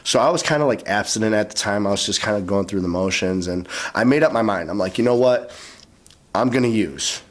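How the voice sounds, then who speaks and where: A man, a podcast guest, telling his story casually and acting out what others said in lively bursts. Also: fairly low pitch, quick pace, few pauses. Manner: animated, acts out quoted voices.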